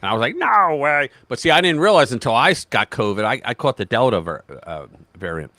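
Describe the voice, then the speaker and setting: A fast-talking American man hosts a political livestream, animated and emphatic, cutting across himself with restarts and impressions of other voices. His pitch varies widely as he heats up. The recording is dry and close, with very little sense of the room.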